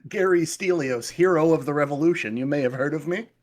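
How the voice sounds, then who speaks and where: Pompous swaggering hero, voiced by a man with a somewhat high, formal delivery. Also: brisk, darkish tone, natural voice. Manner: formal, grandiose phrasing. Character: pompous grandiose male hero type, self-important.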